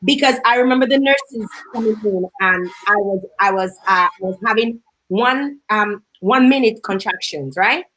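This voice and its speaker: A young woman hosting a radio talk show, telling a personal story in a lively way and acting out the dialogue. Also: mid-range voice, moderate pace, few pauses, rough recording. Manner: animated storytelling with quoted dialogue. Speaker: radio host. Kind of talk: casual radio chat.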